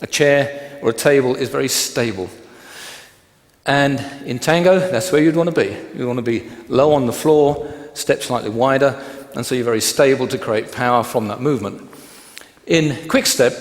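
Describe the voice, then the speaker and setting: A man's voice: mid-range voice, animated, normal speed. A man teaching a dance class, counting beats aloud and explaining steps plainly. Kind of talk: dance lecture. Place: large hall. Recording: echoey hall, long reverb, music behind.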